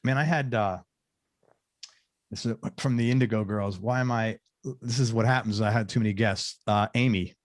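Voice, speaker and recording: A man's voice: on the low side, moderate pace, no room sound. Chatty male podcast host, dry sound. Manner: chatty, loose, restarts and asides. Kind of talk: casual interview chat.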